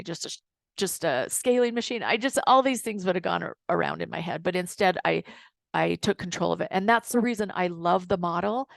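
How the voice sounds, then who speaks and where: A middle-aged woman, a dental hygienist and coach, telling a work story to an audience in a lively way, acting out what people said. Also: fairly low pitch, vocal fry, no room sound. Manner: storytelling, animated retelling with quoted dialogue. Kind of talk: casual talk to an audience.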